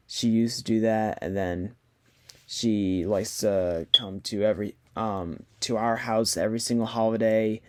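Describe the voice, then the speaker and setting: A young man talking slowly to his viewers in a halting way, with many fillers and restarts, while trying not to cry. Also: lowish voice, steady tone, a bit bright. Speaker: vlogger. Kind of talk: casual personal talk to camera. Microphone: computer mic on a video call.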